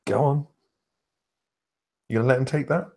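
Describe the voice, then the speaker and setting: A man's voice: mid-range voice, fairly even intonation, normal speed, darkish tone, close to an everyday voice. A man voicing a sly male warrior who mocks and goads others, speaking in a mocking, provocative way. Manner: mocking, goading.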